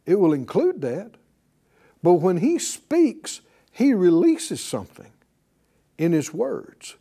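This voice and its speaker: Guy preaching to a class, high voice that swoops a lot, talks slow, asks them to say stuff back. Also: wildly swooping pitch, creaky, mellow, breathy edge. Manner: preacherly, conversational, calls for class responses. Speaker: pastor teaching a class. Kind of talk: sermon.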